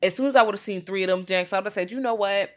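A woman's voice: mid-range voice, racing. A young woman co-hosting a podcast, reviewing a film in casual, profane chat and acting out what the characters say. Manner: animated storytelling, profane, acts out quotes. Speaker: podcast co-host.

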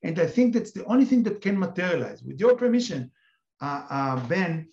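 A man's voice: high-pitched, very animated, moderate pace, creaky, a little mellow. A man with an Israeli accent, an expert guest in an interview, explaining at length with many hesitant fillers. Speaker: counter-terrorism expert guest. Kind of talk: interview, telling an anecdote. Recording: echoey, dull remote audio.

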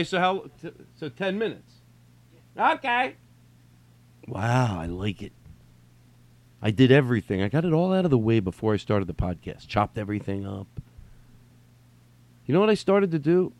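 A man's voice: medium pitch, no echo. A man hosting a podcast, talking in a loose, rambling way, swearing now and then and stopping to act out text messages. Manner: rambling, swearing, mimics texts in sing-song voice. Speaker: podcast host. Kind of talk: casual rambling podcast monologue.

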